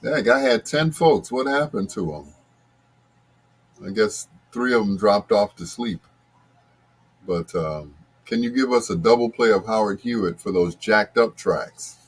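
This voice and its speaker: A man's voice: fairly low pitch, animated, unhurried, husky. A man hosting a late-night love-songs radio show, chatting casually and greeting listeners by name. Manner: laid-back, chatty, talks to listeners by name.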